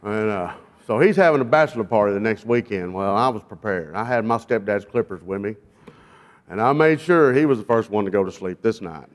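A man's voice: lowish voice, animated, fairly quick. Folksy man telling a sermon testimony. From South Arkansas, US. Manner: folksy, self-deprecating, with frequent fillers. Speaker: guest speaker, jail minister. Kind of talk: sermon testimony with humorous storytelling. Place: church.

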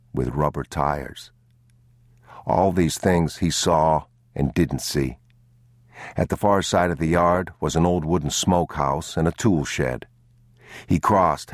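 A man narrating an audiobook in a grave, measured, somber manner. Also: very deep voice, no room sound, clean studio sound. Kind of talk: scripted narration.

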